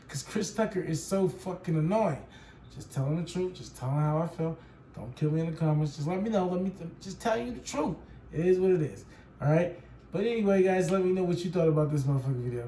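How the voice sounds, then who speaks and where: A man chatting loosely on his reaction channel, slangy and profane, forever asking if you know what he's saying. His voice sits a little high for a man. The room rings with echo, and a faint hiss runs underneath. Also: mellow. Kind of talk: casual reaction commentary. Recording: roomy echo with faint noise.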